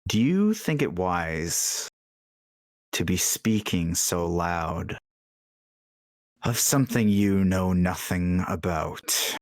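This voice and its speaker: A man doing a hushed, menacing shapeshifter. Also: sits low, lively intonation, slow, pauses often, no room sound, clean studio sound. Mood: ominous. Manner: hushed, direct. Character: menacing shapeshifting male townmaster.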